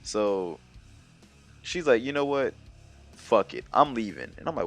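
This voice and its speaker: Faint music runs behind a young man speaking on the low side at a moderate pace, pausing often. The storyteller vlogger rambles through a personal tale in slangy, animated fashion, quoting exchanges and filling gaps with fillers.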